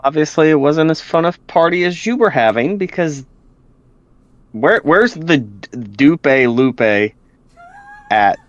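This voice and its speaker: Smooth-voiced man playing a tabletop game. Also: fairly high pitch, lively intonation, a little slow, long pauses, no echo. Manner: laid-back, hedging with fillers. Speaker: player. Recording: dry, dull lo-fi mic.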